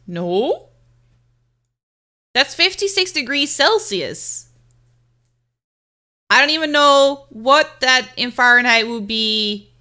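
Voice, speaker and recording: A woman's voice: sits high, sharp tone. A young woman, sick with covid and a bit congested, chatting casually to her stream audience and laughing often. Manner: chatty, giggly, reads chat aloud. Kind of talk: casual live-stream chat.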